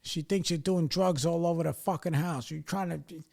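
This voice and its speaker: A man's voice: a little high, steady tone, moderate pace, gravelly, darkish tone, pitched above the performer's own voice. A man voicing his angry middle-aged father, who scolds his son with a harsh, swearing lecture.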